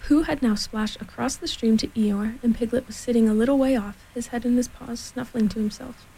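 A woman reads a children's storybook aloud at home over a laptop mic. Her voice is warm and breathy and sits a little high, and she takes her time with every line. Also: a little fast, low-quality recording. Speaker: storybook reader. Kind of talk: reading a children's book aloud.

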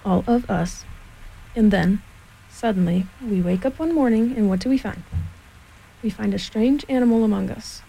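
A fussy, self-important male rabbit from a storybook, laying out his plans slowly and carefully, read aloud by a woman. The voice is mellow and gravelly, with a husky edge. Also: medium pitch, poor audio. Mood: bossy. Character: fussy, bossy male rabbit planning schemes.

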